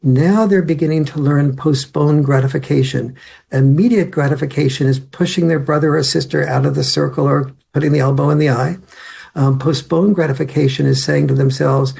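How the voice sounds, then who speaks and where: A man's voice: on the high side, moderate pace, vocal fry, a little mellow, husky. A man being interviewed as a guest author, giving long, rambling answers with many fillers and restarts and acting out what family members say.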